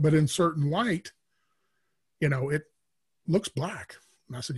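A middle-aged man speaking as a podcast guest, telling rambling stories full of filler pauses. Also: fairly high pitch, breathy edge. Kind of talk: casual storytelling interview.

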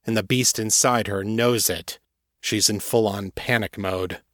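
A man's voice: fairly low pitch, fairly even intonation, measured pace, fairly bright tone, dry recording, clean studio sound. A man voicing a grim, alarmed male companion in an audiobook, his voice tight.

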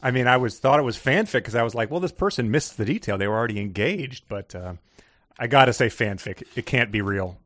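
Male guest, animated intonation, halting and reactive, close dry sound. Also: medium pitch, no room sound. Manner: hesitant, lots of fillers, expressive reactions. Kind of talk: casual chat.

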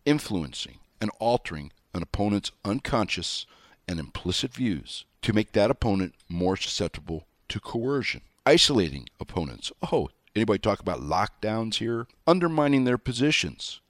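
A man's voice: lowish voice, expressive, moderate pace, no echo, clean studio sound. A middle-aged man hosting a talk show, delivering an emphatic monologue with sarcastic asides and spelled-out words. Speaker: show host.

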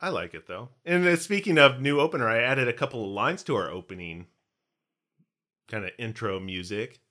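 A man's voice: mid-range voice, expressive, moderate pace, pushed and bright. A man co-hosting a casual podcast, playful and jokey, slipping into hammy pirate bits. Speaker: podcast co-host. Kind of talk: casual chat.

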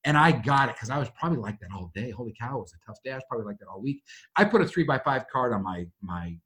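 A man's voice: mid-range voice, rapid-fire. A middle-aged man telling a personal story in conversation, acting out voices as he goes. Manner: animated, acts out quoted voices. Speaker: guest.

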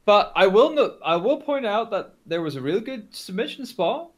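A man's voice: high-pitched, big pitch swings, moderate pace, crowd noise. A man with a Scottish accent co-hosting a casual wrestling podcast, hesitant with many fillers. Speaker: podcast co-host. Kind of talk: casual chat.

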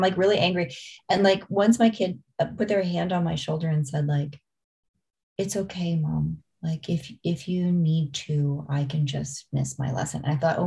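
A middle-aged woman chatting casually, telling animated stories and acting out what people said. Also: low-pitched, gravelly. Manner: animated storyteller, acts out voices. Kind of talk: casual chat.

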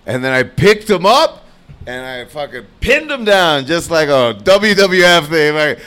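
A man's voice: a little high, a little slow. A man, a stand-up comedian, telling a fight story on a live podcast, acting out the voices and swearing freely. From Latino. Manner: animated, acts out both sides of the story, swears freely. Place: bar stage at a comedy festival, live audience.

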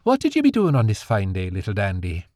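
A man's voice: lowish voice, wildly swooping pitch, quick pace, darkish tone, dry recording, clean studio sound. A man voicing a jovial, stubborn old grandfather fairy with a brogue.

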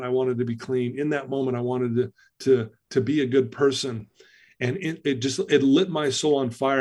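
A man guest on an interview podcast, speaking at an ordinary middle pitch. He tells a personal story earnestly, with plain emotion in his voice. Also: darkish tone.

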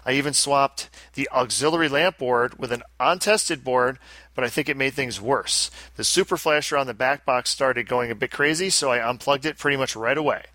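A man hosts a casual podcast and works through listener mail with dry, wry asides. His voice is bright and sits at a middle pitch, and the sound is dry. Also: normal speed, no echo. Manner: wry, reads emails aloud with asides. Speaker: podcast host.

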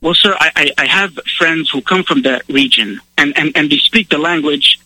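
A man's voice: on the high side, normal speed, pushed and bright, no room sound, rough recording. Stammering male radio caller. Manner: stammering, repeats words, insistent. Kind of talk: on-air argument with host.

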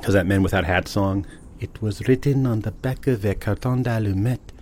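A man hosting a podcast, talking to himself in a relaxed, chatty, self-amused way. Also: lowish voice, moderate pace, a little hiss or hum. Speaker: podcast host. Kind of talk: casual rambling monologue.

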